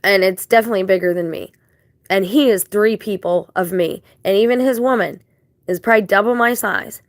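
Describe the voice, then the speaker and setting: A woman's voice: mid-range voice, a little fast, no echo. A woman telling a long story in a casual vlog, indignant and rambling, with religious turns of phrase. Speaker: vlogger.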